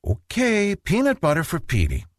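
A man's voice: fairly high pitch, huge pitch swings, moderate pace, no echo, clean studio sound, voice pushed up. A man voicing a patient mother pleading with her picky son, in a sing-song storybook manner. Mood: coaxing.

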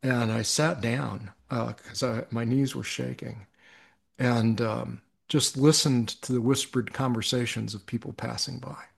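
A man's voice: medium pitch, fairly even intonation, unhurried, vocal fry, breathy edge. A middle-aged man, a podcast guest, telling a personal story in an earnest, reflective way, with frequent restarts.

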